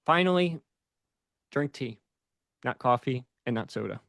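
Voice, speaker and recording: A man who teaches English, a presenter speaking with deliberate pacing and pauses. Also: medium pitch, animated, gravelly, a bit bright, no room sound, studio quality. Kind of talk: casual group discussion.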